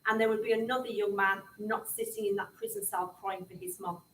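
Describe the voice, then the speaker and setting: A woman's voice: mid-range voice, steady tone, fairly quick, a little hiss or hum. A middle-aged woman telling her story to young people in an impassioned public talk. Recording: echoey room, speaker far from the mic.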